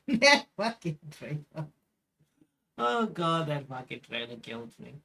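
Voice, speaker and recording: A woman streamer reacting to clips in a profane, mocking rant, swearing heavily. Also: medium pitch.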